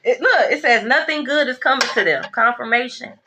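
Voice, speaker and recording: A high-voiced woman runs through a casual tarot reading. Her tone is bright and sharp, and her delivery is blunt, emphatic and full of profanity. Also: a little fast, a little hiss or hum. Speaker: tarot reader.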